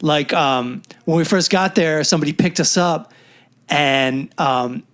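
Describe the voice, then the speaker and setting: A man's voice: fairly high pitch, measured pace, clean tone. A man co-hosting a podcast, telling stories in casual chat, acting out quotes and swearing freely. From New York. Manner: animated storyteller, acts out quotes, swears freely. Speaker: podcast co-host.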